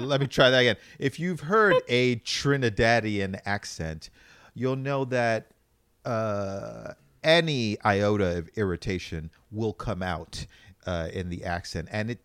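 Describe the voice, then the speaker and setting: A man co-hosting a casual podcast chat, telling stories in a rambling, animated way with frequent restarts. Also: lowish voice, dry recording.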